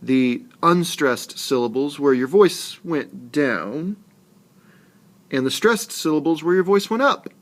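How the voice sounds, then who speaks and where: A man teaching a lesson on poetry rhythm, talking slowly and deliberately and stressing his syllables. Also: fairly high pitch, lively intonation. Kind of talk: screencast lesson narration.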